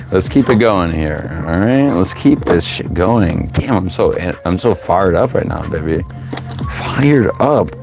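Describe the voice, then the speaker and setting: Brief: man, low voice, live tarot reader, swears a lot, preachy, fired up, faint music under. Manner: profane, fired-up, preachy, with sudden loud outbursts. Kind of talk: live tarot reading to viewers.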